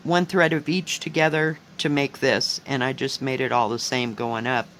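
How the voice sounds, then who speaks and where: A woman chatting casually at home as she shows her cross-stitch projects, rambling and unhurried. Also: very deep voice, fairly even intonation, a bit bright, slight background noise, low-quality recording. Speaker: cross-stitch video host. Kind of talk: casual crafting chat.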